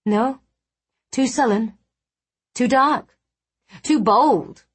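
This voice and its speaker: A woman's voice: a little high, extremely slow, slightly rough, pitched above the performer's own voice, full character voice. A woman voicing a sullen bookish apprentice. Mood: wry.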